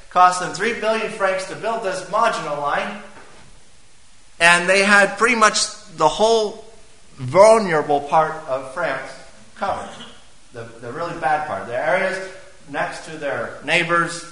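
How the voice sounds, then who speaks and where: A man's voice: fairly high pitch, sharp tone. A man preaching a sermon in a church, talking conversationally and putting questions to the congregation. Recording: echoey church room.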